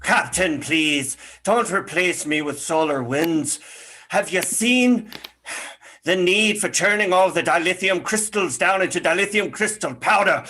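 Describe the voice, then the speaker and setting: A man's voice: high voice, measured pace, bright, forceful tone, full character voice. A man voicing a slimy, drooling male crewman on a spaceship who pleads with his captain in an improvised sci-fi comedy scene. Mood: pleading. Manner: pleading, eager.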